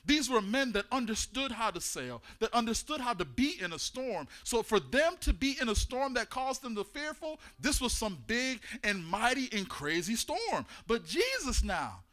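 Male preacher, high and bright, very lively delivery, shouts and chants, casual slang. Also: normal speed, few pauses. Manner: animated, builds to shouting, chanting cadence. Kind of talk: sermon.

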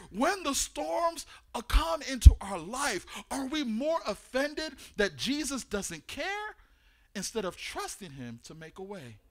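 High-voiced, animated male preacher. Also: measured pace. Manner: animated, builds to shouting, chanting cadence; uses casual slang. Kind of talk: sermon.

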